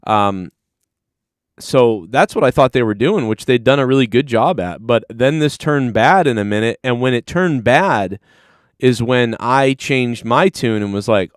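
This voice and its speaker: A man's voice: mid-range voice, expressive, normal speed, clean tone, no room sound, clean studio sound. A man hosting a live stream, recapping a clip in a rambling, profane, casual way. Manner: rambling, profane, talks over replayed clips. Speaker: stream host.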